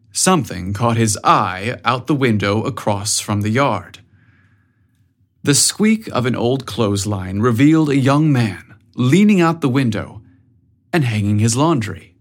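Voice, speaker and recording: A man narrating an audiobook story in a measured, even way. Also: mid-range voice.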